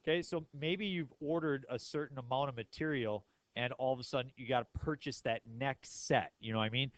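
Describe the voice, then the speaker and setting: A man teaching a math class in a relaxed, joking way, tossing questions to his students. His voice sits at an ordinary middle pitch. The sound is dry and close, with no echo. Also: brisk. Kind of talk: classroom lecture.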